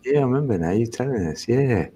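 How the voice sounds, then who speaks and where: A man's voice: medium pitch, lively intonation, fast, dark tone, slight background noise. A man in a casual chat, laid-back, mostly answering with short agreeing replies.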